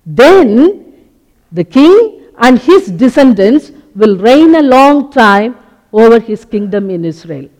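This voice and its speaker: Man, sermon, very high-pitched, unhurried phrasing, reverberant hall. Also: big pitch swings, darkish tone. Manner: slow, deliberate teaching with many short pauses. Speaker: preacher.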